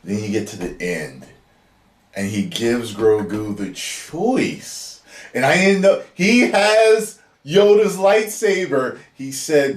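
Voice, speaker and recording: A man's voice: mid-range voice, expressive, takes it slowly. A man chatting casually and emotionally as he reviews a show he just watched. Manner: chatty, emotional, chuckles as he talks. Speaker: YouTube reaction reviewer. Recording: roomy echo.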